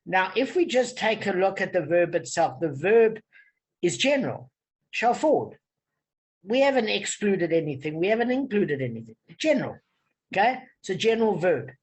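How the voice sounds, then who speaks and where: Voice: mid-range voice, animated, brisk, few pauses, husky, low-quality recording. A person leading a casual study session, explaining step by step with many fillers. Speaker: study leader. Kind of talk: casual teaching.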